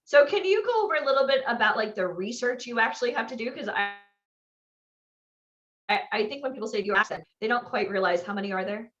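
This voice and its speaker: A woman's voice: fairly high pitch, expressive, quick pace, fairly bright tone, muffled recording. A woman interviewing a guest in a conversational way, asking open questions. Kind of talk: casual interview.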